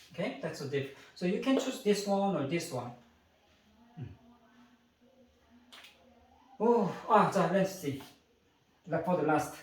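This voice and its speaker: A native Korean speaker with a Korean accent teaches a grammar lesson in English, going step by step and often checking in with "okay?" and "right?" while mixing English and Korean example phrases. His voice is fairly high and a little mellow. It was recorded from a distance in an echoey room.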